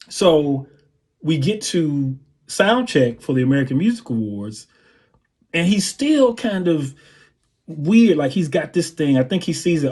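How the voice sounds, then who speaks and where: A man, a drummer and guest on an interview show, telling anecdotes in a relaxed way and scatting drum patterns. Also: fairly high pitch, moderate pace, slightly rough. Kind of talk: interview storytelling.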